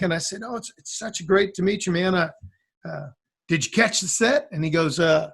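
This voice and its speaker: A man's voice: fairly high pitch, normal speed, creaky. A man chatting as a guest musician, telling a long rambling story and acting out what other people said. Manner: rambling, animated, acts out quoted lines. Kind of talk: casual storytelling.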